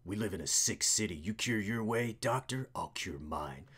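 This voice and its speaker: A man voicing a grim male vigilante hero with a low, gravelly growl, delivering slow, half-whispered threats. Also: lively intonation, fairly bright tone.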